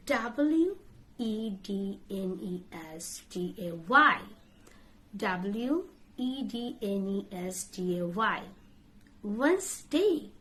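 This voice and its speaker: A woman teaching English pronunciation. She spells words out letter by letter and repeats each one many times as she corrects common mistakes. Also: mid-range voice. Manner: corrects common mispronunciations in short drill phrases. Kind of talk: pronunciation lesson.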